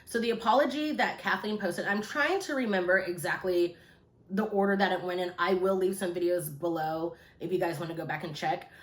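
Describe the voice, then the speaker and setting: A woman's voice: lowish voice, steady tone, brisk, reverberant. A woman hosting her own channel, chatting casually and rambling with many fillers, recorded on a phone. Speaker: YouTube commentary host. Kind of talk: casual chit-chat commentary.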